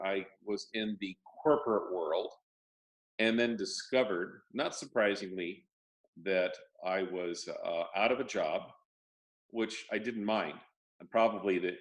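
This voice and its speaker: An older man, a guest in a casual interview, telling stories with dry jokes and halting restarts. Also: lowish voice. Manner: wry, joking storyteller, halting restarts. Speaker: guest, property lender.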